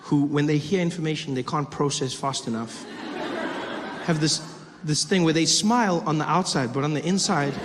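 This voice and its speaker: A male comedian tells a story on stage, animated and acting out scenes. His voice sits high, and the long reverb of a large venue rings around it. Audience sound stays clearly audible behind him. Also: moderate pace, crowd noise, background noise. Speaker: stand-up comedian. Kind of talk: stand-up comedy.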